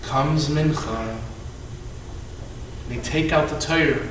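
A man rabbi telling a story in a sermon, acting out the characters and moving from shouts to hushed tones. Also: fairly high pitch, slow pace, background noise. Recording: echoey hall, from a distance.

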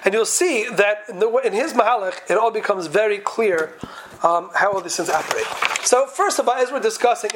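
A man's voice: high-pitched, a bit bright, rough recording. A man giving a Talmudic lecture to a class, posing question after question in a sing-song study cadence. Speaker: Torah teacher.

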